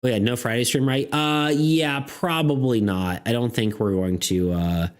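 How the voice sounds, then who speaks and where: A man's voice: mid-range voice, moderate pace, clean tone. A man streaming, chatting casually and reading chat messages aloud, full of fillers and restarts.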